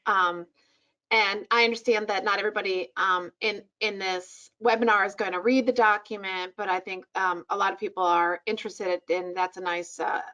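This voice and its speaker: A woman's voice: medium pitch, sharp tone. A woman presenting a policy report on a webinar over a video call, speaking conversationally with fillers.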